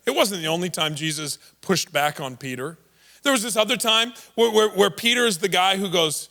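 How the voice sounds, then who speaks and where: A man's voice: sits high, expressive, normal speed, sharp tone. A man preaching a sermon as a pastor, telling stories in a casual, playful conversational way. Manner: conversational storytelling, playful asides.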